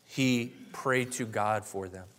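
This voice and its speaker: A man's voice: lowish voice, takes it slowly, fairly bright tone. A man in his late twenties giving a personal testimony and sermon, earnest and heartfelt, rising to fervent emphasis. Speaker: preacher.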